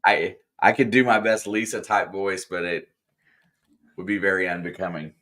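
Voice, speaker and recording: A man's voice: sits low, fairly even intonation, moderate pace, bright, forceful tone. A man co-hosting a game reaction stream, giving easygoing, jokey analysis. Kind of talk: casual game analysis chat.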